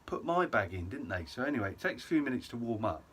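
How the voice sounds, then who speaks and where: A man's voice: mid-range voice, sing-song, fast talker, fairly bright tone, a little hiss or hum. A young man casually telling a self-mocking story to camera, full of ums and asides. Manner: chatty, self-mocking, lots of ums and et ceteras. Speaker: vlogger.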